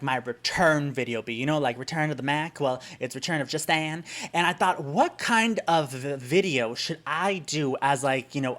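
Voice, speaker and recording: This German YouTuber's fairly high-pitched voice leads a relaxed vlog lesson; his lively, chatty delivery eventually gives way to exasperated complaining about pet peeves.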